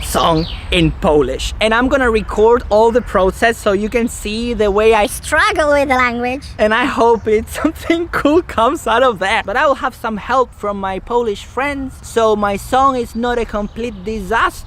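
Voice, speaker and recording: A woman's voice: fairly high pitch, normal speed, few pauses, a little hiss or hum. A woman from Spain with a Spanish accent, playfully explaining word stress in a casual talk to camera. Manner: playful, demonstrates stress patterns aloud. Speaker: language vlogger. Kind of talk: casual explainer with sung examples. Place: outdoors in a forest.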